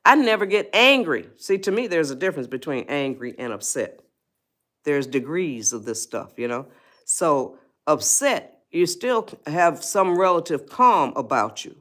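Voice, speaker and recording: A woman's voice: medium pitch, expressive, moderate pace, fairly bright tone. A middle-aged woman, hosting a casual motivational livestream and talking straight to her viewers in a folksy way. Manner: folksy, talks straight to viewers, answers chat. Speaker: livestream host giving life advice.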